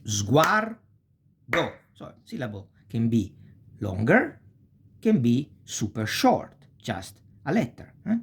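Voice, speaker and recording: A man teaching a language lesson, speaking slowly and deliberately and often checking in with "eh?". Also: medium pitch, huge pitch swings, gravelly, darkish tone, slight background noise. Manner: slow and deliberate, frequent checking tags like "eh?". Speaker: Italian teacher.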